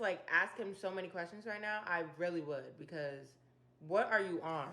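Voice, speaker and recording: A woman with a lowish voice hosts a relaxed Bible study video, breaking down a chapter by retelling the story in her own slangy words. She talks at a normal speed and adds animated, opinionated asides.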